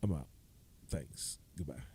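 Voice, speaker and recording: Very deep, dark-voiced rambling man. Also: expressive, a little slow, gravelly, slight background noise. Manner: rambling, self-mocking asides. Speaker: comedian signing off his video. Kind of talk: casual vlog outro.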